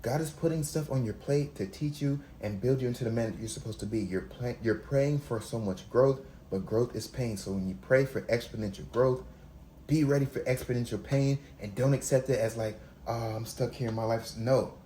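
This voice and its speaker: A man's voice: medium pitch, normal speed, warm tone. A man giving a preachy motivational talk to his listeners, calling them fellas. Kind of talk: motivational monologue. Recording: echoey room with faint noise.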